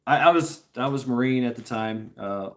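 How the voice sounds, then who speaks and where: A man's voice: medium pitch, moderate pace. A middle-aged man from Tennessee, telling a rambling story to his stream chat, laughing often, swearing freely and restarting his sentences.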